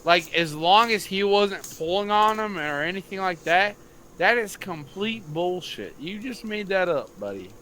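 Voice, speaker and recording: A young man with a bright, forceful voice swaps stories on a casual late-night podcast. He is a high school football coach who swears freely and acts out the people in his stories. A faint hum of ambience sits behind him. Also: normal speed. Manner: profane, animated storytelling.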